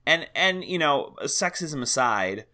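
A man's voice: on the high side, sing-song, slow pace, bright, forceful tone. A man co-hosting a podcast, chatting casually about a film, hesitant and full of fillers. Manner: hesitant, many fillers and restarts, easy laughs. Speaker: podcast co-host.

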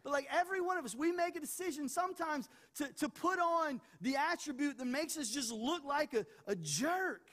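Animated male pastor preaching. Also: very high voice, normal speed, hardly any pauses. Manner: animated, with humorous asides; repeats words as he builds points. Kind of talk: sermon.

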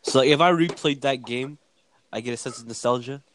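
A man's voice: medium pitch, fairly quick, fairly bright tone. Groggy, slurring man in casual chat.

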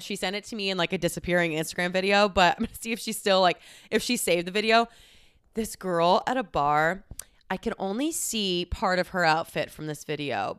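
A woman's voice: mid-range voice, fairly bright tone, clear, resonant tone, dry recording, studio quality. A woman in her twenties hosting a podcast, telling a story in a chatty, casual way, swearing freely and saying "like" a lot. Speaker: podcast host.

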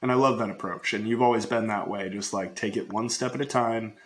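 A man's voice: on the low side, steady tone, brisk, fairly bright tone. A man hosting a casual podcast, upbeat and chatty, laughing often and running his sentences together. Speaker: podcast host.

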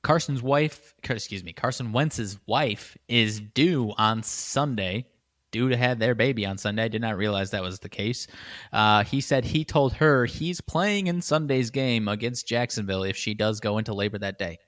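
A man co-hosting a casual sports betting podcast, laid-back and quick to chuckle. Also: on the low side, fairly bright tone, no echo, clean studio sound. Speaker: podcast co-host.

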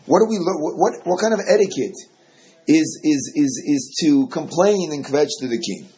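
Animated man teaching a Torah class. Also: fairly high pitch, normal speed. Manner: animated, repeats words while explaining. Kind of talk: Torah study lesson.

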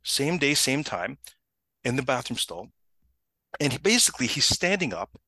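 A man telling a story in a casual chat, animated and acting out the people he quotes. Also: normal speed, no room sound. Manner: animated, acts out quotes with big pitch jumps, frequent restarts.

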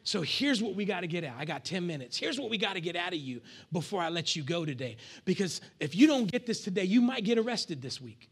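A male pastor preaching a lively sermon to his congregation, with call-and-response and acted asides. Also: high-pitched, fast talker, hardly any pauses, husky.

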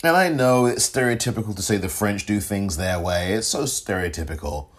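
A man's voice: on the low side, lively intonation, a little fast. A man hosting a solo podcast, talking casually and rambling, often chuckling and correcting himself. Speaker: podcast host.

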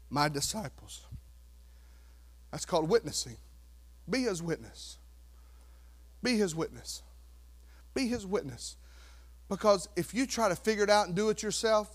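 A pastor preaching a sermon, swinging from quiet asides to loud exhortation and acting out worried churchgoers. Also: male voice, sits high. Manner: acts out worried churchgoers in quoted voices.

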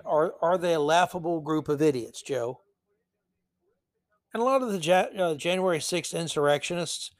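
A man's voice: high voice, no room sound. A man hosting a political commentary podcast, reading passages aloud and breaking in with sarcastic, mocking asides. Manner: reads article passages aloud. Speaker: podcast host.

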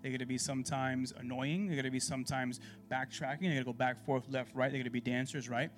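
A fast-talking man with a mid-range voice runs a church Bible class like a casual sermon, lively and chatty and peppered with rhetorical questions, while faint music sounds in the background.

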